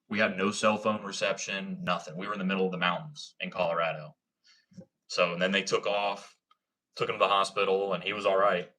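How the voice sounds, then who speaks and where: Livestream host, male, low register, crisp bright tone, casual and profane, full of "bro" and "like". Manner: laid-back, profane, slangy, lots of "like" and "bro". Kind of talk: casual livestream storytelling and chat.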